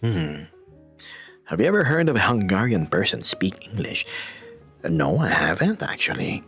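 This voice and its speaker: A man casually chatting on a live stream, reading viewer comments aloud, playful and quick to laugh. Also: sits low, very animated, a bit bright, soft background music. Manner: playful, laughs often, reads chat aloud.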